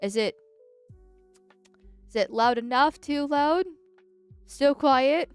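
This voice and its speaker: A woman's voice: high voice, takes it slowly, long pauses, no room sound, soft background music. A woman streaming live in casual chat, talking bluntly and directly, with a stuffy nose.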